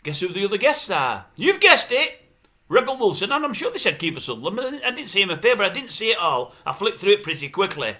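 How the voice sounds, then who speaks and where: A man ranting about television in a loose, opinionated way. His voice sits high and sounds very bright and sharp, and his pitch swings widely as he grumbles. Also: fast talker, few pauses. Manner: grumbling, animated, mimics others' voices. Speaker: showbiz commentary vlogger. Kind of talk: casual opinionated rant.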